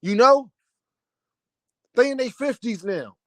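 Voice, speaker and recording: Young male commentator, heated and preachy, higher-pitched voice, dry close recording. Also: expressive, slow, fairly bright tone, no room sound. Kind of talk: opinion rant to camera.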